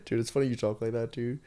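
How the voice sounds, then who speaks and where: A young man hosting a podcast, chatting casually with joking, quick banter. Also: mid-range voice, a little mellow. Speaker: podcast host. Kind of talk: casual chat.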